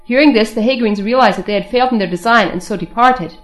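A woman reading aloud an old saint's life in a measured, formal storytelling manner. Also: a little high, faint music behind. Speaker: narrator.

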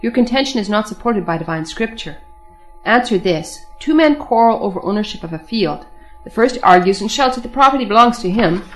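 Captive saints arguing calmly, read by a woman, firm reasoning, brisk pace, faint music under. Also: mid-range voice, natural voice. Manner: calm, reasoning, quoting scripture. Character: captive male Christian saints, calm and firm.

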